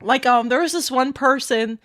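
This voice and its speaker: Bright high-voiced female streamer, lively casual storytelling with frequent laughter. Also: moderate pace. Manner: animated storytelling, laughs often. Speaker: VTuber streamer. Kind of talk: casual live-stream chat.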